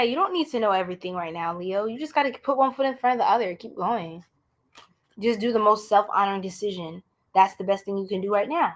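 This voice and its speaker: A woman's voice: medium pitch, fairly bright tone. A woman doing a casual live-stream tarot reading, chatting with viewers in a slangy, blunt way.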